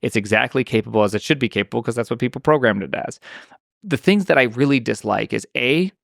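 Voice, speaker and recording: A man talking as a podcast guest in casual conversation, rambling and animated, with lots of restarts and fillers. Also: medium pitch, fast, vocal fry, no room sound, studio quality.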